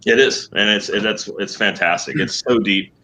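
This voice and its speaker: Middle-aged guy on a podcast, lowish bright voice, rambles and restarts a lot, pokes fun at himself. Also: moderate pace, slight background noise, poor audio. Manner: rambling, self-deprecating, frequent restarts. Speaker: guest. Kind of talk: casual podcast chat.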